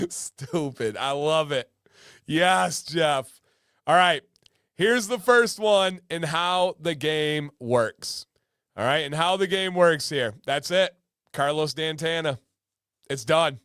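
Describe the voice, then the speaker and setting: Guy hosting a live stream, kinda high voice, dry close sound, goofy and jokey, says stuff twice for laughs. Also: animated, slow pace, long pauses, fairly bright tone, dry recording. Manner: playful, joking, repeats lines for laughs. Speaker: livestream host. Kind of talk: casual livestream chat.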